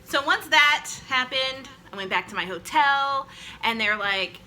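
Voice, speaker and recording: Woman vlogger, chatty storyteller, very bright, slightly high voice, self-mocking. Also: lively intonation, a little slow, slight background noise, poor audio. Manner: chatty and rambling, with frequent "like" fillers; self-deprecating and joking. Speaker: vlogger telling a personal story. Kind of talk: casual storytime monologue. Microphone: camera she films herself with.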